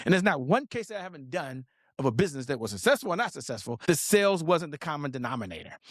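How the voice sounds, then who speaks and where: A man teaches sales to business owners with lots of energy, asking the listener questions and driving points home. His voice sits fairly high for a man and moves around a lot in pitch. The recording is dry and close, with no room sound. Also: creaky, no room sound. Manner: emphatic, repeats "okay?", direct address to viewers. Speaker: business coach guest.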